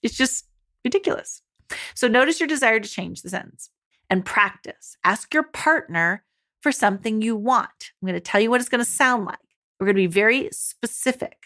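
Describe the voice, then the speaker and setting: A woman's voice: on the high side, animated, moderate pace, sharp tone. A woman life coach talking to mothers in a monologue, upbeat and encouraging, speaking straight to her listeners.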